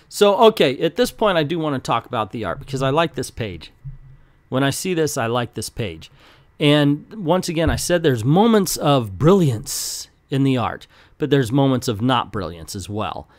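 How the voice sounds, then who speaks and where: An opinionated man reviews comics in a casual, animated way, and his voice swings up and down. His pitch sits somewhat high, and his voice comes through dry and close on a desk mic. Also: no room sound. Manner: opinionated, animated, talks with hands.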